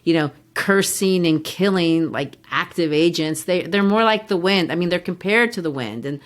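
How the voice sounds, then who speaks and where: A woman with a somewhat low voice leads a casual literature discussion. She explains ideas patiently in a teacherly way and sounds out the beats of verse as she goes. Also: moderate pace. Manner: explanatory, teacherly, taps out rhythms aloud. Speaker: podcast co-host.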